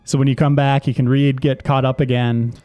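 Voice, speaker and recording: A man's voice: medium pitch, level tone, a little fast, mellow, smooth, no echo. Male co-host, teasing banter, faint game music behind. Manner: teasing, joking. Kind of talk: casual gameplay banter.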